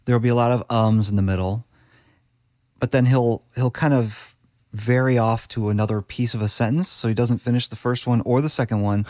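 A man who works as a podcast editor, explaining his craft as a guest in a relaxed conversational interview and often restarting his sentences. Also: medium pitch, brisk, dry recording, clean studio sound. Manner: practical, explanatory, with frequent restarts.

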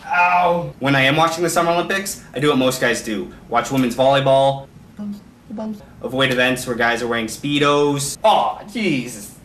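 A young man from Canada delivering a comedy vlog monologue in quick joking one-liners. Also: mid-range voice, fairly bright tone. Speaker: vlogger. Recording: roomy echo, distant mic, faint noise.

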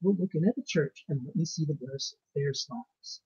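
A man reading aloud, voicing a big, blunt Irish country doctor with an Irish accent and a gruff, scolding manner. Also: fairly high pitch, animated, moderate pace, a little mellow, dry recording, heavily acted. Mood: scoffing. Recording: muffled lo-fi recording.

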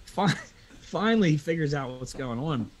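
A man from Pennsylvania, a guest on a live video call talk show, telling animated, profane anecdotes in a casual way. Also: on the high side, moderate pace. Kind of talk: casual storytelling chat.

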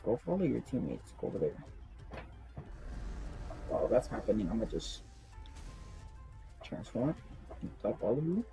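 A young man casually commenting on his own gameplay in slang, excitable and quick to yelp in surprise. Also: fairly low pitch, gravelly, soft background music. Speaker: gaming streamer.

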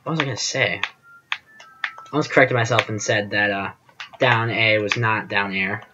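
A man's voice: fairly low pitch, fairly even intonation, moderate pace, dull audio, background noise. A man giving casual gameplay commentary as host of his channel, rambling and self-deprecating, often trailing off with fillers.

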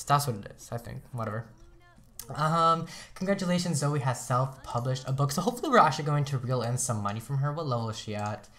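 A man's voice: medium pitch, fairly bright tone. A young man casually commenting on his gameplay as a let's play host, chatty and rambling, often laughing at himself.

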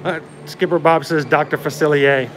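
A man's voice: fairly high pitch, fairly even intonation, moderate pace, over music. Playful man co-hosting a park stream. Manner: joking, playful, laughs often. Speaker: livestream co-host. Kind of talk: casual chat while walking a theme park. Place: outdoor theme park.

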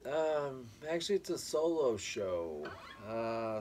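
A man's voice: medium pitch, sing-song, measured pace, echoey room, soft background music. Man bickering with himself in a comedy sketch. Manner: switching between bandmate characters, bickering. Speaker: comedian playing every band member.

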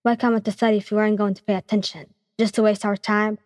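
A woman's voice: mid-range voice, little pitch movement, quick pace, a little mellow, dry recording, studio quality, big-room sound, natural voice. A woman reading as a scowling, short-tempered teenage boy. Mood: irritated. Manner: scolding, blunt.

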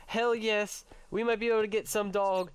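A young man hosting a let's-play, chatting excitedly with his viewers and his pet, cursing when startled. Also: sits high, normal speed, clear, resonant tone. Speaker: gaming channel host. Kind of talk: casual let's-play commentary.

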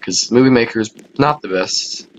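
A man narrating his game as he plays, chatty and self-mocking, laughing at his own mistakes. His pitch sits in an ordinary middle range. Faint rain noise hisses softly behind him. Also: moderate pace, lo-fi sound. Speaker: gaming YouTuber. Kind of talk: casual let's-play commentary.

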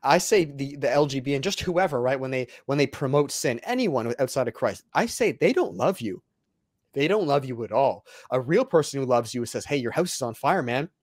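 A man's voice: medium pitch, animated, fairly quick, no echo. A young man, an evangelist and guest, talking bluntly and emphatically, as if preaching. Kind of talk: casual interview talk.

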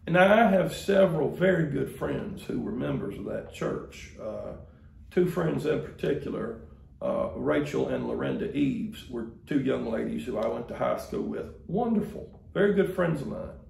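A man's voice: medium pitch, big pitch swings, moderate pace, creaky, a little mellow, roomy sound, slight background noise. A man, preaching a sermon as the pastor in a folksy, conversational storytelling way. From Mississippi, US.

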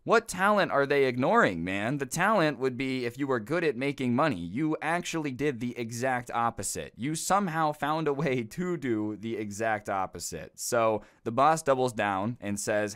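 A man's voice: mid-range voice, lively intonation, normal speed, few pauses, fairly bright tone, dry recording, clean studio sound. A man narrating a storytime video in a chatty, casual way with slangy asides.

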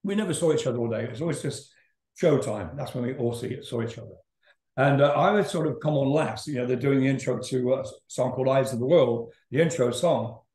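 A man's voice: medium pitch, a little fast, darkish tone. An older man, a rock singer, telling a rambling story in a casual interview, laughing and swearing as he goes. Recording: roomy echo.

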